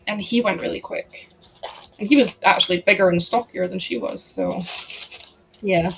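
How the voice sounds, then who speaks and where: Woman rambling away on a live stream, mid pitch, lots of likes. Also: normal speed, vocal fry, slight background noise, rough recording. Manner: chatty, rambling, many "like" fillers, frequent laughs. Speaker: livestream host. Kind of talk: casual chat to a live chat while sorting.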